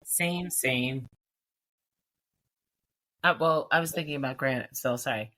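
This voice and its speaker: A woman's voice: a bass voice, slow, pushed and bright. A woman co-hosting a podcast in casual chat, steering the conversation and handing out turns. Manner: moderating, passes turns. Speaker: podcast co-host.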